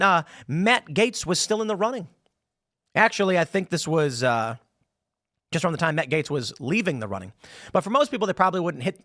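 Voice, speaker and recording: A man's voice: on the high side, a bit bright, dry recording. A man hosting opinionated political commentary in a combative, sarcastic manner from a small studio.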